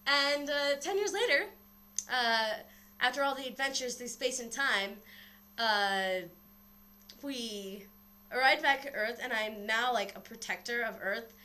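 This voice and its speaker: Speaking unhurriedly in a slightly high voice, a young woman tells a rambling, animated story on a casual webcam vlog, recorded with the built-in mic. She's a little breathless and swears freely throughout.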